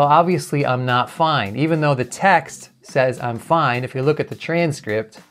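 A man teaching as a communication coach, explaining clearly and sometimes imitating sounds to demonstrate. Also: medium pitch. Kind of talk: talking-head lesson.

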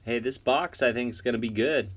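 A man casually chatting while going through a box of trading cards, excitedly rattling off names. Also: mid-range voice, fairly quick. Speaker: card collector vlogger. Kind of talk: casual unboxing chat.

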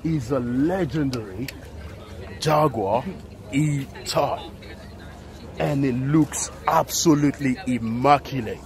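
A man excitedly showing off cars at an outdoor car meet, talking to the camera. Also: medium pitch, takes it slowly, vocal fry, long pauses. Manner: playful, exclaiming, talking to the camera. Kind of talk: excited walk-around vlog.

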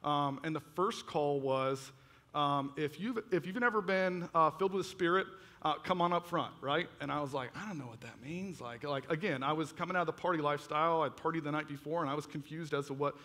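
A man preaching a testimony sermon, telling his story in an animated way and acting out his own reactions. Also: a little high, brisk. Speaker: pastor. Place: church auditorium. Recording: long reverb of a large hall.

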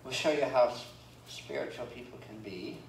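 Folksy pastor preaching in an echoey church. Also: male voice, medium pitch, normal speed. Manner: folksy, joking asides between scripture readings. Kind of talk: sermon. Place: church sanctuary. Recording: roomy church echo, from far off, faint room noise.

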